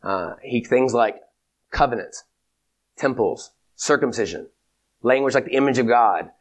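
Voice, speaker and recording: A man giving a theology lecture in a measured, emphatic way, repeating his key points. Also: mid-range voice. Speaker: teacher.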